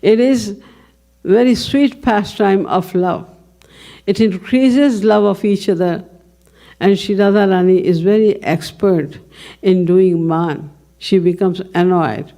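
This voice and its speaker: A woman giving a devotional lecture at a measured pace, telling stories and asking questions she then answers herself. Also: mid-range voice, fairly even intonation, warm tone. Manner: measured storytelling, poses and answers own questions. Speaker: spiritual lecturer.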